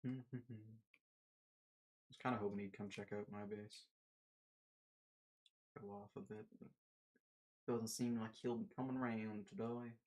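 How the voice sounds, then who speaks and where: A man's voice: fairly low pitch, flat delivery, a little slow, pauses often, darkish tone. A man giving casual, rambling commentary while playing a building game, talking to himself and slipping into silly put-on voices.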